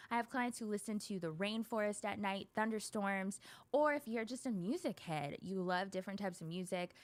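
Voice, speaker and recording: A woman therapist talking on a show, chatty and animated, often laughing as she explains things. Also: medium pitch, normal speed. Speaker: therapist guest. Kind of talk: casual talk show conversation.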